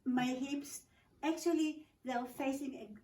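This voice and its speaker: A woman's voice: high voice, steady tone, measured pace, warm tone, a little hiss or hum. A woman co-teaching a children's yoga class, explaining each pose step by step in a patient, matter-of-fact way. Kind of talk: demonstrating poses step by step. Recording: echoey room, mic at a distance.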